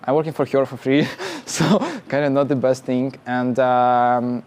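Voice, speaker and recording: A man's voice: mid-range voice, flat delivery, darkish tone, clean tone. Young man telling a story. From Russia. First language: Russian. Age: young adult. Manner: halting, many restarts and laughs, plain non-native phrasing. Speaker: startup founder guest. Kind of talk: casual storytelling interview.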